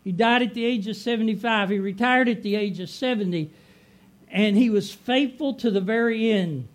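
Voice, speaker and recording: A middle-aged man with a strikingly high voice, preaching a heartfelt sermon. He builds emphasis through repetition and drags out key phrases. His delivery rises and swells as he drives each point home. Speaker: pastor.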